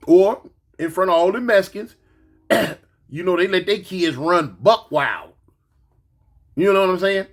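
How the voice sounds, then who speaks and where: A man's voice: high-pitched, unhurried, long pauses. A man in his forties, a grandfather, telling a story in a casual monologue and acting out the quotes. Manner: animated, acts out quotes, repeats words.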